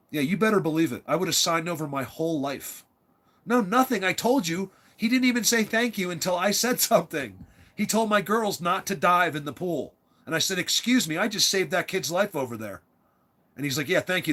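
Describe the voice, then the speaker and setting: A man's voice: fairly high pitch, fairly bright tone. Emphatic man rambling through a story. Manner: emphatic, repeats words and restarts often. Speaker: father telling a personal story. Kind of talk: rambling casual storytelling monologue.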